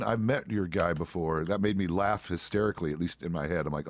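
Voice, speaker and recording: Out of character, this middle-aged man who streams roleplay chats in a relaxed, meandering, foul-mouthed way. His voice sits low and moves a little fast, with no room sound.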